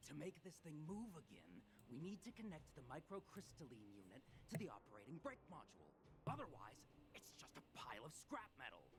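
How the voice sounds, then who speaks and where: A stubborn game tinkerer who argues his point in a middle-pitched voice that rises and falls a lot. A faint noise sits under it. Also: wildly swooping pitch, brisk. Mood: argumentative. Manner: argumentative.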